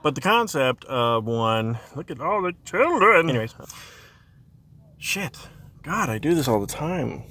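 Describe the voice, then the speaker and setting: A man's voice: a little high, big pitch swings, unhurried, pushed and bright. A man telling a funny childhood story in a casual, rambling way, laughing often and drifting off on tangents. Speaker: dad telling a family story.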